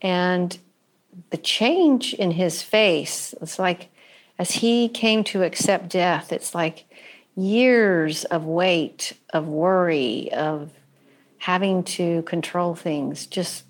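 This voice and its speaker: A woman co-host speaks slowly in a reflective conversation. Her voice is a little low. She pauses often and searches for words, which gives her talk a thoughtful, careful feel. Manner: thoughtful, hesitant, many pauses and fillers.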